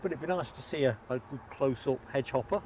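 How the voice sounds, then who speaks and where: Standing outdoors near an airport, this English livestream host talks fairly quickly in a medium-pitched, darkish voice. He's chatty and jokey, calling out viewers' chat names, with obvious background noise on the stream.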